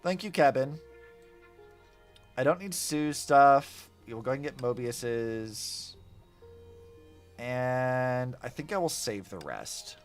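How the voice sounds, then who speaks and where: A young man chatting casually while playing a game, with lots of fillers and quick asides. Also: mid-range voice. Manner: chatty, animated, many likes and fillers. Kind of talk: casual gameplay commentary. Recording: faint music behind. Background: faint game music.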